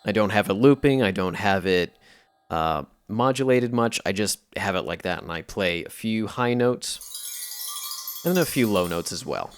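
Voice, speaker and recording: A man casually explaining how he recorded and processed sounds for a music piece, in a relaxed way with a few fillers. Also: fairly low pitch, moderate pace, clean tone. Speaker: music producer. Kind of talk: casual tutorial narration.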